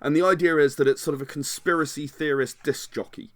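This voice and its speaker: A man's voice: fairly high pitch, steady tone, quick pace, dry recording. Rambling man with a dry close sound. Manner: rambling, hedges with many "sort of"s and restarts. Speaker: game designer guest. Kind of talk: casual podcast chat.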